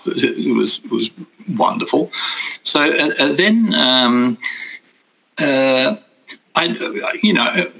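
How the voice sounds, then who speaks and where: A man's voice: medium pitch, vocal fry, bright, forceful tone, slight background noise, low-quality recording. An older man casually recalling personal spiritual experiences, rambling and self-interrupting, chuckling often.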